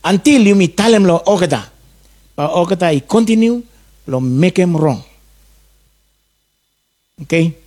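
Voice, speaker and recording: A man's voice: high-pitched, lively intonation, a little slow, pauses often, dark tone. A man preaching a sermon, in repeated rhythmic calls.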